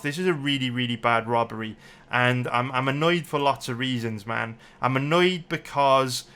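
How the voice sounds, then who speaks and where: A man's voice: medium pitch, sharp tone. Fuming man breaking down a fight. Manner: heated, swearing, repeats himself. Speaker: MMA betting analyst. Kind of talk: angry fight breakdown commentary.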